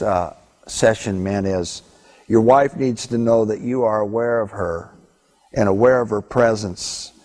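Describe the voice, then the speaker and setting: A man's voice: mid-range voice, darkish tone, in a large hall. A man teaching a Christian marriage session to husbands, earnest and exhorting, acting out his own thoughts. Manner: earnest, exhorting, quotes himself.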